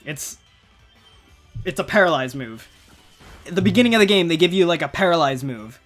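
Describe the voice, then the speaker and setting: A man's voice: on the high side, animated, a little fast, fairly bright tone, faint music behind. A man in his twenties giving rambling, casual commentary while playing a video game. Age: 20s. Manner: chatty, rambling, laughs often. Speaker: gaming video creator. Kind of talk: casual let's-play commentary.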